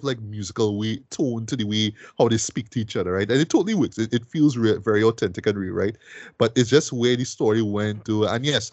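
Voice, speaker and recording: Hosting a film review podcast, a man chats eagerly and keeps tagging lines with fillers like "right?" and "boy." His voice is on the low side with no echo, and the talk is casual film review.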